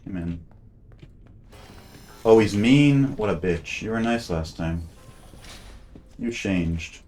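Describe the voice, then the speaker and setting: A man's voice: deep voice, slow. A man streaming a game, chatting casually and thinking aloud as he plays, often trailing off and restarting. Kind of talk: casual gameplay commentary.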